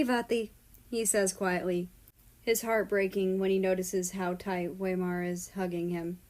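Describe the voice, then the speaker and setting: A woman reading a story aloud in a calm, steady narration. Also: medium pitch. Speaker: story reader. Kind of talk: reading fan fiction aloud.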